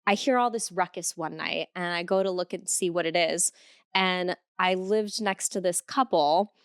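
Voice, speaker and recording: Speaking at a moderate pace in a low-leaning, clear and resonant voice, this Cleveland woman in her thirties hosts a podcast, sharing frank stories laced with frequent swearing. The sound is studio quality with no room sound.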